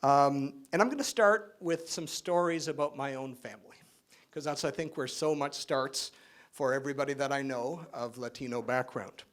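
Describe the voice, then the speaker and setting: A middle-aged man giving a keynote speech at an awards event, in a relaxed, conversational way with joking asides, many fillers and tag questions. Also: mid-range voice, moderate pace. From Spain, raised in Canada. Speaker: keynote speaker.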